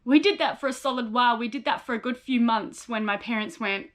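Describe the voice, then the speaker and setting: A woman's voice: a little high, a little fast. A young woman, a psychologist in training, frankly telling her own life story in a personal vlog. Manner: candid, frank, acts out remembered dialogue.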